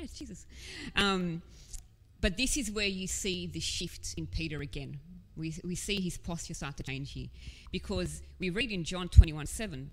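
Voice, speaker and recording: Low-voiced woman preaching in a reverberant hall. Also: darkish tone. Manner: conversational, earnest, with casual asides. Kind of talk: sermon.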